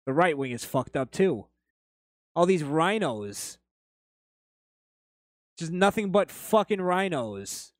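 A man's voice: medium pitch, expressive, slow pace, pauses often, no room sound, clean studio sound. A man hosting a podcast, reading chat comments and telling rambling stories in a blunt, profane, casual way. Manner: blunt, swears freely, rambling anecdotes.

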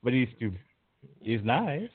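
A man hosts a loose podcast chat, cracking jokes and laughing often. His voice sits at an ordinary mid pitch. The audio is narrow and tinny, like it came down a phone line. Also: big pitch swings, slow pace, husky. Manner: joking, laughs often between remarks. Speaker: podcast host. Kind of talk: casual chat.

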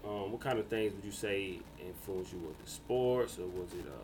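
A man, hosting a podcast interview in a relaxed, reassuring way with loose fillers. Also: low voice, moderate pace, a little hiss or hum, poor audio. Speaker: podcast host. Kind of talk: casual interview.

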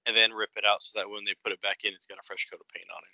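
A man co-hosting a casual chat, agreeable and quick to chime in. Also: fairly low pitch, level tone, sharp tone, no echo, low-quality recording. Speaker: podcast co-host.

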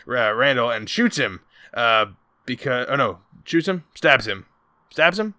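Podcast co-host, male, bright crisp tone, loose and animated storyteller. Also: medium pitch, unhurried, no room sound, clean studio sound. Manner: rambling, profane, animated retelling. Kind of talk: casual film discussion.

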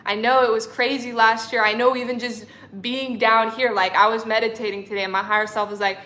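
A young woman spiritual coach talks on a casual livestream, reading chat comments and calling her viewers sister and honey with effusive affection. Her voice is fairly high and sharp, with a level tone and a brisk pace that leaves few pauses.

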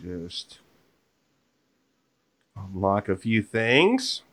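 A man's voice: lowish voice, wildly swooping pitch, extremely slow, fairly bright tone. A man hosting a podcast, chatting casually about football picks in a rambling, joking way that often interrupts itself. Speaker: podcast host. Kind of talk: casual sports chat.

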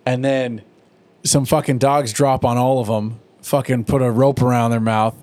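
A man's voice: little pitch movement, moderate pace, a little mellow. Laughing, foul-mouthed man recapping a cartoon. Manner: profane, laughing, acts out lines in high put-on voices. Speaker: podcast co-host recapping a cartoon. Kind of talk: casual chat.

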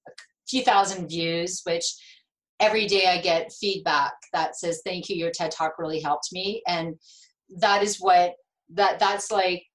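Animated middle-aged woman telling her story. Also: fairly low pitch, poor audio. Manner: animated, emotional storyteller with laughs and restarts. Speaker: guest, nurse and speaker. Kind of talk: conversational interview storytelling.

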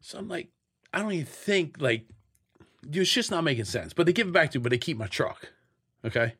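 A man's voice: a little high, a little fast, breathy edge. A middle-aged man, an interview guest, telling his stories candidly, with profanity and sound effects. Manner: profane, blunt, animated storyteller acting out scenes. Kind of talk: candid storytelling in a sit-down interview.

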